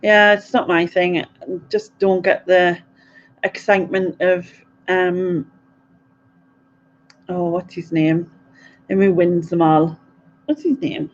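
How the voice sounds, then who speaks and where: A woman's voice: fairly low pitch, level tone, slow, long pauses. Giggly chatty woman, lo-fi. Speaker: live stream host. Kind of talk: casual live Q&A chat.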